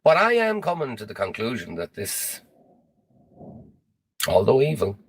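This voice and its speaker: A man lecturing in a measured, grave way in a recorded monologue. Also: mid-range voice, wildly swooping pitch, a bit bright, no echo, rough recording.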